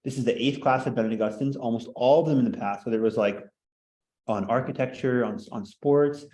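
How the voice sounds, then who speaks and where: A man's voice: mid-range voice, fast, a little mellow, poor audio. A man teaching a class in casual lecture style, rambling and joking, heavy on filler words, in a classroom.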